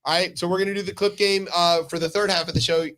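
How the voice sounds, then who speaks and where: Man co-hosting a comedic news chat, voice a touch high, dry and profane. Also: little pitch movement, fast, a bit bright. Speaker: co-host.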